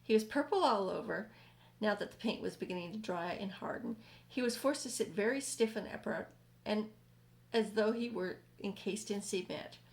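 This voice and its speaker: A woman reading a children's book aloud in a community hall, steady with small slips and self-corrections. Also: medium pitch, gravelly. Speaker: reader.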